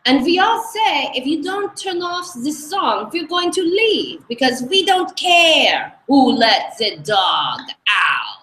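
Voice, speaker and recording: A woman imitating her elderly mother-in-law from Hungary, with a Hungarian accent, speaking slowly and loudly. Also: high-pitched, sing-song, reverberant, voice pushed up, full character voice, rough recording. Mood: indignant. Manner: slow, loud, drawn-out.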